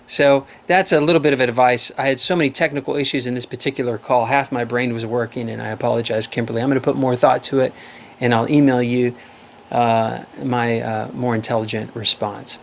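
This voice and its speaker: Earnest rambling man hosting a call-in. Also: medium pitch. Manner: earnest, rambling, restarts often. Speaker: host of a live advice call-in show. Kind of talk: live video-call advice show. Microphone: video call.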